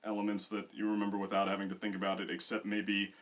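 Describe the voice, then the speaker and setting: A man's voice: on the low side, completely flat delivery, fast talker. A man co-hosting a casual discussion, rambling with many fillers and restarts. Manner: bursts into loud acted quotes. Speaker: co-host.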